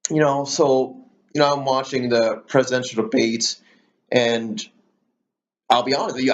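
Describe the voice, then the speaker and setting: On his own political commentary channel, a man with a mid-range voice rants solo to the camera, heated and heavy on swear words and fillers. The recording sounds muffled.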